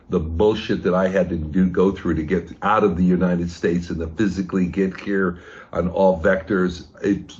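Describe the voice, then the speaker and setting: A man's voice: low voice, darkish tone, lo-fi sound. A man giving a rambling, profane, rousing fundraising pep talk over a video call. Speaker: fundraising speaker.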